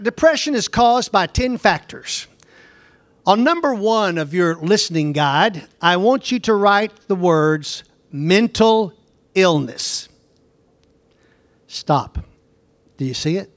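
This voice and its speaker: A man's voice: sits high, a bit bright, dry recording. A man teaching a Bible lecture in an emphatic way, repeating points and asking his class pointed questions.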